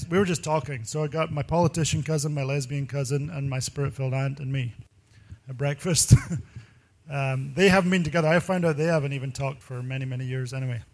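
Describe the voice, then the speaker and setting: A male pastor giving a sermon full of personal stories, talking in an animated, rambling way and laughing often. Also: fairly high pitch.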